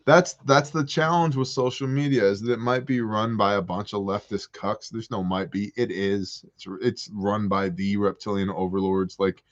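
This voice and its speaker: A man's voice: on the low side, moderate pace, hardly any pauses, highs cut off. A man hosting a prepper Q&A livestream on a porch, chatting and joking as he reads viewer comments. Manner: joking, animated storyteller. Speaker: host. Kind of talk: livestream Q&A chat.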